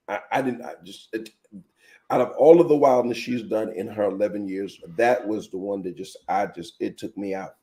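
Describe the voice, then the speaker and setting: A man hosting a live teaching show as a pastor, telling animated personal stories and speaking straight to his viewers. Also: on the low side, moderate pace.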